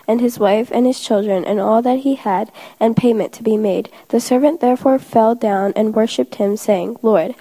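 A woman reading a long scripture passage aloud in a sermon, steady with the odd slip. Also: on the high side, low-quality recording. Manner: steady reading of old-fashioned verse, occasional slips. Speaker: scripture reader.

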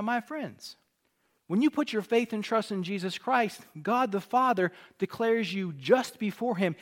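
Man, preacher, sermon, high-pitched, earnest teaching, emphatic peaks. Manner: rising to emphatic peaks on key points.

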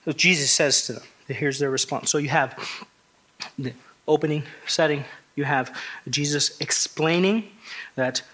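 Male pastor, slightly high and husky, conversational but emphatic pulpit delivery. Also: measured pace, long pauses, sharp tone. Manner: emphatic, conversational preaching with frequent restarts and rhetorical questions. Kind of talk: expository sermon.

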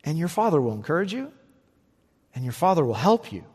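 A male pastor delivering a sermon, swinging between emphatic raised peaks and quiet, low passages. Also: fairly quick, husky, in a large hall. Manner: animated preaching, rising to emphatic peaks and dropping low.

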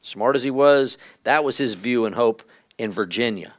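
A man's voice: mid-range voice, moderate pace. Man teaching church history at a midweek service. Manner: conversational, with frequent fillers, reading quotations aloud.

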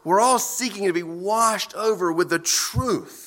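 A man preaching a sermon as pastor, earnest and emphatic, with deliberate pauses between phrases. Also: high voice, a bit bright.

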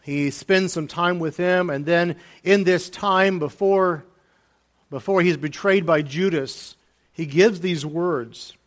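Preaching a sermon at a slow pace, a male pastor speaks a bit higher than most men. He moves from soft, nearly hushed phrases to raised, emphatic lines, repeating key phrases to drive them home.

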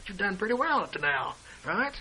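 A man preaching a sermon, reading and explaining scripture verse by verse and swinging between hushed asides and loud declarations. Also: high voice, sing-song, fairly quick, breathy edge, low-quality recording.

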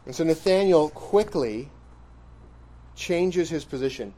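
A man's voice: a little high, lively intonation, slow, mellow. Emphatic man preaching a sermon. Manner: conversational, questioning the audience, emphatic rises. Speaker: pastor. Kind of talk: expository sermon.

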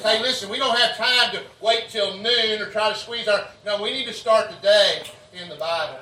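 A man's voice: high voice, fairly quick, hardly any pauses, reverberant, distant mic, poor audio. A man preaching a revival sermon in a folksy, repetitive way, leading the crowd to say lines back to him. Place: revival tent.

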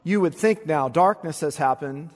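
A man preaching an expository sermon, swinging from quiet, low asides to loud, fervent recitation of scripture. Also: normal speed. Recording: long hall reverb.

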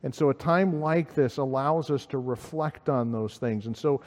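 A man preaching a sermon as pastor, earnest, voice rising with emphasis and then dropping low and quiet. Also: normal speed, long reverb tail. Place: church sanctuary.

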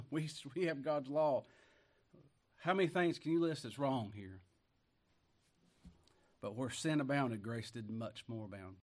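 A man's voice: mid-range voice, measured pace, long pauses. A man preaching a sermon, reading scripture aloud and commenting in a folksy way that rises into emphatic bursts. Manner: folksy, rising to emphatic bursts, chuckles often.

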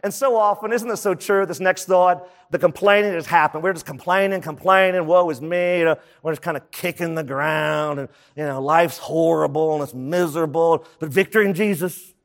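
With a steady, fairly bright voice pitched slightly high, this pastor preaches in an easygoing, talk-like way. He keeps dropping quick asides between points, and a large hall's long reverb fills the recording.

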